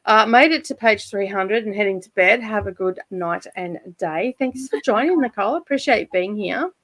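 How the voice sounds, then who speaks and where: A woman's voice: medium pitch, moderate pace, fairly bright tone, dry recording. An Australian woman hosting a casual reading livestream from home, chatty, laughing often and swearing lightly. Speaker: livestream host of reading sprints. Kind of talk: casual chat. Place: home room by a side street.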